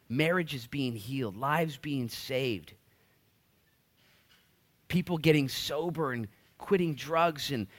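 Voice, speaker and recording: A pastor in his thirties preaching a sermon, energetic and animated. His voice sits at an ordinary middle pitch, and he slips into quick voices for the people in his stories.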